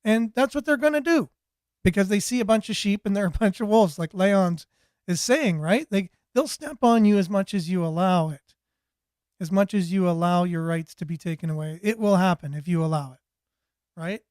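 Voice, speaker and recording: Male host, higher voice, dry close sound, rambling and repeating himself while reading viewer comments. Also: expressive, normal speed, a little mellow, clear, resonant tone, no echo. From Canada. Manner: rambling, repeats words and restarts. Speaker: talk show host.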